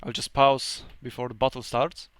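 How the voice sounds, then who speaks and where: A man's voice: medium pitch, little pitch movement, normal speed, smooth. A man whose first language is Polish, casually commentating a strategy game battle, hesitant and thinking aloud with many fillers.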